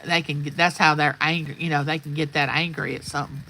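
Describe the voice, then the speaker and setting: Bright-voiced woman, folksy rambling. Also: low-pitched, level tone, quick pace, poor audio. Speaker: vlogger. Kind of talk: casual storytelling chat. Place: outdoors at sunrise.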